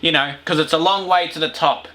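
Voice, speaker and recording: A man's voice: fairly high pitch, steady tone, fairly quick, pushed and bright. An Australian man from Victoria hosting a comedic review and ranting in a crude, profane, sarcastic way, laughing at his own jokes. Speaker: video reviewer.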